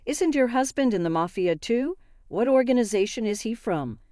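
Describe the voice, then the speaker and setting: A woman's voice: a little high, lively intonation, normal speed, no room sound, studio quality, voice pushed up, lightly acted. A woman voicing a stern, imposing grown man who speaks sharply and gives orders. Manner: sharp, commanding.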